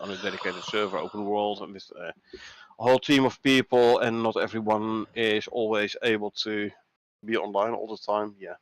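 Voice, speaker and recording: A man with a Dutch accent co-hosting a casual gaming livestream, reading patch notes aloud in a relaxed way with hesitant fillers. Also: on the low side, no room sound. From Netherlands. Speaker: livestream co-host.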